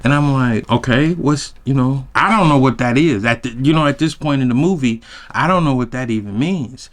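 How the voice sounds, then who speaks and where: Host telling a wild personal story, loose and slangy, leaps into a high voice at the shocking parts. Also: male voice, moderate pace. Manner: animated, slangy, jumps high when recounting shock. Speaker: podcast host. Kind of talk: casual storytelling.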